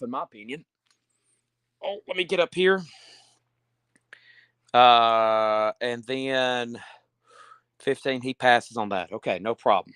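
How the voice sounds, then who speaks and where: Speaking in a medium-pitched, pushed and bright voice on a dry recording, a breathless man sells books over a live stream. He films on a handheld phone inside a store, calling out titles and prices and tossing in chatty asides as casual sales talk.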